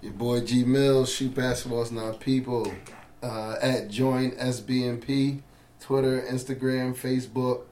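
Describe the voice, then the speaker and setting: A man speaking as a podcast guest in casual chat, upbeat and hopeful with many pauses. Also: medium pitch, little pitch movement, darkish tone, roomy sound, slight background noise.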